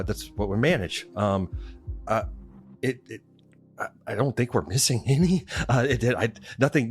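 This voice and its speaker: A man playing a tabletop game, talking hesitantly with many restarts. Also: lowish voice. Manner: hesitant, full of fillers and restarts. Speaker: player.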